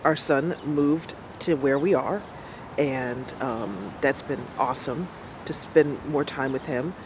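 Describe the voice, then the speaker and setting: A woman's voice: rumbling low, takes it slowly, background noise. A middle-aged woman streamer chatting casually and rambling, laughing often as she talks. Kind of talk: casual chat. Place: outdoors.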